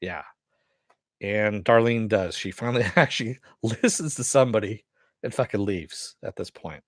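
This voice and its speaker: A man's voice: on the low side, normal speed, no echo, clean studio sound. A man giving a rambling, casual spoken recap of a TV episode, full of "uh" and "you know" and offhand swearing. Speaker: TV episode reviewer.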